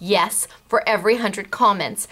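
A woman hosting a craft shop video show, chatting through announcements in a bubbly, giggly way and spelling out names and numbers slowly. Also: mid-range voice, bright, forceful tone. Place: craft store.

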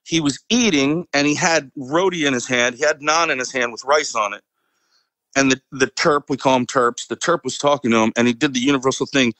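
A man's voice: medium pitch, brisk, fairly bright tone, dry recording, low-quality recording. A man, a military veteran and podcast guest, telling a story casually with many fillers and frequent chuckles. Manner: rambling, fillers, chuckles often.

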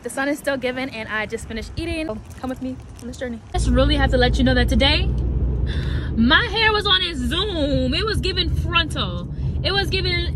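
A woman's voice: on the high side, poor audio. A young woman chatting playfully to camera in a casual vlog, often from her car. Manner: chatty and playful, bursts into song. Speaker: vlogger.

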